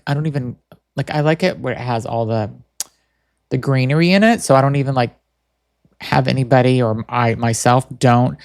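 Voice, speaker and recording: A podcast host from the Boston area, a man with a medium-pitched voice, tells a rambling, chatty story as a casual monologue, full of fillers and restarts. The recording is studio quality with no room sound.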